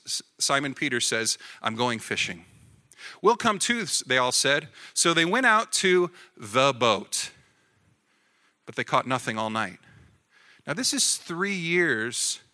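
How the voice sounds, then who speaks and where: Male pastor, bright fairly high voice, chatty sermon delivery that builds to emphatic peaks. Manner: conversational preaching, rising to animated emphasis; self-correcting, repeats words.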